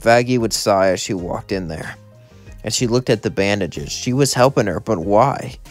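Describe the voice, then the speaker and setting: A man's voice: fairly low pitch, expressive, normal speed, faint music behind. A man narrating a fan story read-aloud, rambling along and chaining events with "as". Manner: rambling, linking lines with "as".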